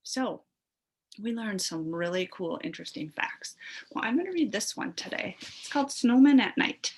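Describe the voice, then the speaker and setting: A woman's voice: medium pitch, expressive, moderate pace, slightly rough, low-quality recording. A woman teacher leading a phonics lesson for young children, sounding out word parts, blending them and praising the class in a sing-song way. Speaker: elementary school teacher.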